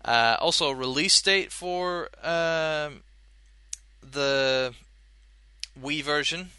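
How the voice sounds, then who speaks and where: A man's voice: on the high side, sharp tone, clean tone, dry recording. A young man hosting a podcast, rambling in a casual chat with many fillers and restarts while chewing gum. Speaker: podcast host.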